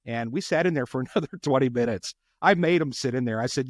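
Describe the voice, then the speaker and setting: A man's voice: mid-range voice, fast, dry recording. A middle-aged man from Los Angeles tells a story as a podcast guest. His voice sits in the middle range, and he acts out quotes with bursts of energy. The close mic sounds dry and intimate. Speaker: homicide detective guest.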